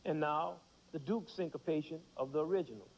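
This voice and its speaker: A man's voice: a little high, brisk, big-room sound, muffled recording. A man teaching children about rhythm in a playful, demonstrative way, counting beats aloud. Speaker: music teacher.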